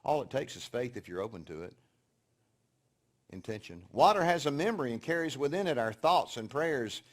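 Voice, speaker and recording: A man giving a sermon-style teaching to an audience, telling stories and moving between quiet, hushed passages and loud, emphatic points. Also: medium pitch, very animated, moderate pace. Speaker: speaker teaching a session.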